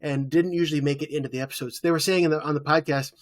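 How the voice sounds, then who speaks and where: A man's voice: fairly high pitch, steady tone, racing, few pauses. A man in his thirties co-hosting a podcast, recapping a TV episode in casual chat and acting out quoted lines as he tells it. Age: 30s. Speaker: podcast co-host.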